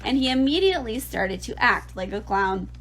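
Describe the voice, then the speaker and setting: A woman teacher reading a children's novel aloud in an expressive, lively way. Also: on the high side, normal speed, poor audio.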